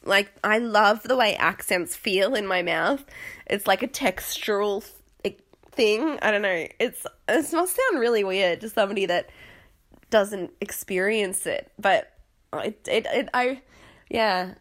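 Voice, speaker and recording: A woman's voice: mid-range voice, animated, measured pace, a bit bright. Chatty Australian woman with a sniffly voice. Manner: chatty, rambling, giggly, self-deprecating. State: sniffly, voice failing. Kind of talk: casual reality-TV recap.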